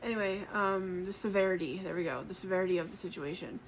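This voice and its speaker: Soft-spoken, encouraging woman tarot reader. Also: fairly low pitch, slight background noise, poor audio. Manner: gentle, encouraging and reflective, with many pauses and fillers; emotional at times. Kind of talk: spiritual collective reading.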